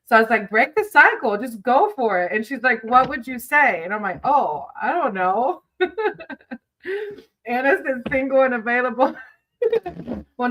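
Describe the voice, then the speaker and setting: A woman's voice: a little high, bright, forceful tone, rough recording. A woman hosting a casual livestream, chatting with viewers between tarot readings, giggling often and calling people sweetie.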